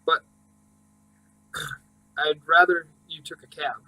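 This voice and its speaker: A man voicing a kindly middle-aged father who talks in a gentle, practical way, in an audiobook. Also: on the high side, steady tone, slow, exaggerated voice, poor audio.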